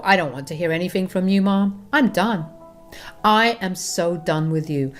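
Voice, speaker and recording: A woman's voice: mid-range voice, natural voice. Woman reading an angry young husband.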